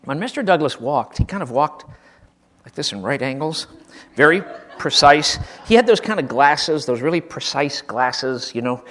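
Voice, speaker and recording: A man from Michigan spinning funny stories about his school days. His voice sits a bit high for a man and swings lively up and down as he acts things out, with frequent restarts. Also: normal speed. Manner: animated, comic, acts out quotes, frequent restarts. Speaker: storyteller recalling school teachers. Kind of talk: casual anecdotal storytelling.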